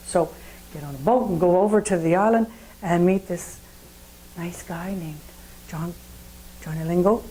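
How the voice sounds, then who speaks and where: A woman's voice: lowish voice, measured pace, pauses often, dark tone, slight background noise, poor audio. A woman giving a sermon at a spiritual centre, telling a story in a conversational way and putting questions to the audience.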